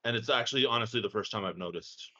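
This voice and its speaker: A man in an online tabletop game, calmly suggesting a workaround for a character sheet problem. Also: lowish voice, fast. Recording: dull lo-fi voice chat audio.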